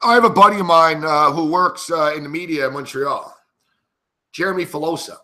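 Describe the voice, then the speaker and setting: A fired-up man rants and swears his way through a sports story on a betting show. His voice sits fairly high and cuts through with a sharp, bright edge. He rambles and restarts as he gets angrier. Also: a little fast. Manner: heated, swearing constantly, rambling. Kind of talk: profane storytelling rant.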